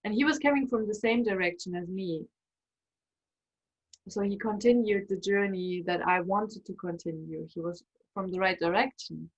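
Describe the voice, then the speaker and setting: A woman telling a personal story in an emotional, animated way. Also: medium pitch, normal speed, slightly rough, muffled recording. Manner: emotional, animated, acts out quoted voices. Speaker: spiritual coach and storyteller.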